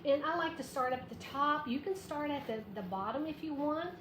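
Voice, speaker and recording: A woman's voice: high voice, brisk. A woman hosting a live craft tutorial, chatty and bubbly, greeting viewers by name and counting aloud as she works. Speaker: craft livestream host. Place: her craft shop. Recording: echoey room with background noise.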